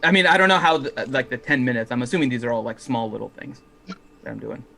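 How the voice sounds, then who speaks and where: A man's voice: mid-range voice, lively intonation, fast talker, creaky, crowd noise. A man playing a tabletop game, talking casually and a little hesitantly. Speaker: player.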